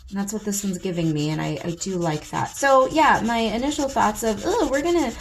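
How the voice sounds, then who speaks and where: A woman's voice: medium pitch, a little fast. A young woman chatting playfully and theatrically to her viewers while she colors. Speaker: coloring channel host. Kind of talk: casual chatty coloring vlog.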